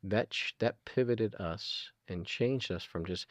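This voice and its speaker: A man's voice: fairly low pitch, measured pace, no room sound. A middle-aged man talking earnestly as an interview guest, retelling conversations with plenty of ums and you-knows. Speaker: guest, food nonprofit founder.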